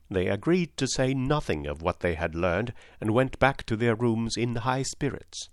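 A man narrating a storybook audiobook in a measured, expressive reading. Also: mid-range voice, no room sound, studio quality.

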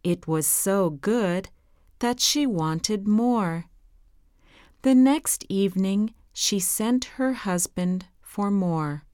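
Woman storyteller, unhurried fairy-tale reading, smooth and clear. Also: medium pitch, no echo, studio quality. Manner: slow, careful, gentle reading.

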